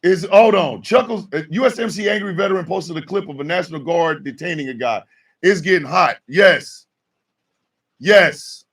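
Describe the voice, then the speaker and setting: A man hosting a morning show, ranting in a fired-up monologue with shouted mock call-outs, his voice a bit off-mic. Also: high voice, normal speed, distant mic.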